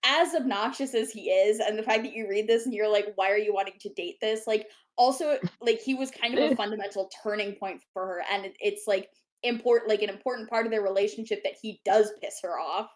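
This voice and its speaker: A woman co-hosting a casual book club chat, animated and laughing often as she defends a series. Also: medium pitch, fairly quick. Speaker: podcast co-host.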